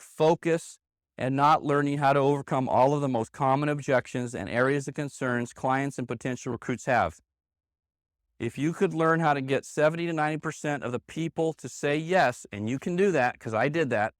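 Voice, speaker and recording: A man with a medium-pitched voice teaches a live sales seminar to trainees in a meeting room, using a handheld microphone. Punchy and emphatic, he hammers key points again and again, and the recording is dry with clean studio sound.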